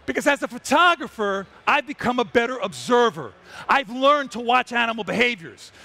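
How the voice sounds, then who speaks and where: A man's voice: very high-pitched, animated, normal speed, creaky, pushed and bright. A man telling a wildlife story on a trade show stage, exuberant and acting out the animals. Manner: exuberant, breaks into character voices. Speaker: wildlife photographer giving a stage talk.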